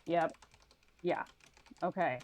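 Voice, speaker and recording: A woman with a lowish voice plays a tabletop game, talking casually and directly to the others. Her speech is plain and unfussy. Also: slow pace, darkish tone. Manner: casual, direct, swears freely. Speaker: player.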